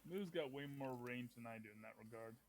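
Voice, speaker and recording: A man chatting casually as a tabletop player, reflective but emphatic. He often punches a word with a sudden loud stress. His voice sits at an ordinary middle pitch. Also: brisk, no room sound. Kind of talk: casual chat.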